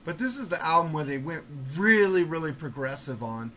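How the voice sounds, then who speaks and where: A man hosting a casual podcast, talking in a profane, excitable, ranting way. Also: a little high, fairly quick, a little hiss or hum. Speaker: podcast host.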